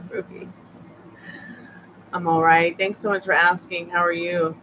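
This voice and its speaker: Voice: medium pitch, little pitch movement, slow pace, pushed and bright, a little hiss or hum, rough recording. A tarot reader hosting a casual late-night live stream from a couch at home, chatting with viewers and the dog, sleepy and yawning.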